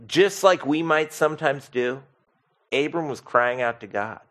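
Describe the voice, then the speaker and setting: A male pastor delivers a sermon in a mid-range voice at a slightly slow pace. He is expressive, moving between quiet and loud passages and putting questions to the congregation.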